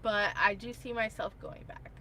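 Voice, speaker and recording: A woman co-hosting a casual livestream, speaking in a calm, reflective way. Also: medium pitch, normal speed. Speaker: vlog co-host.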